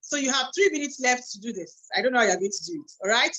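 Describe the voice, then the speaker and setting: Lively Nigerian woman hosting a webinar. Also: a little high, quick pace, few pauses, poor audio. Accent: Nigerian English. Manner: lively, chatty, reads out audience comments. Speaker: online meeting host. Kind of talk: hosting a live online webinar.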